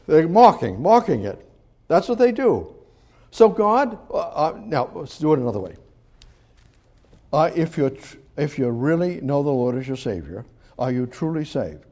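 Man, preacher, sermon, high voice, very lively pitch, emphatic, repetitive. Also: moderate pace. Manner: emphatic, repetitive, swings from loud pleas to quiet asides. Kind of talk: expository sermon on scripture.

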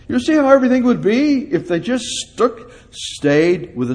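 A man preaching a sermon with a fairly high voice. He drives points home by repeating words several times over. He keeps asking his listeners questions and waits for them to answer. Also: very animated, moderate pace, few pauses, a little mellow. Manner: emphatic, repeats words, asks the congregation questions.

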